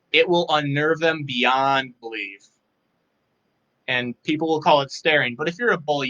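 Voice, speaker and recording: Dry-humored young man, bright voice. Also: mid-range voice, dull audio. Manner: dry, self-deprecating humor, softly spoken. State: tired. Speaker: guest. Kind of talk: casual live interview.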